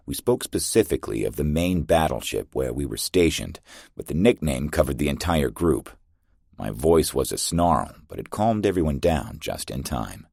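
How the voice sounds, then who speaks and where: A man reads a first-person science fiction audiobook in a steady, terse manner. His voice is extremely deep with a husky edge. The recording is close and dry. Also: normal speed, no room sound. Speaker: narrator.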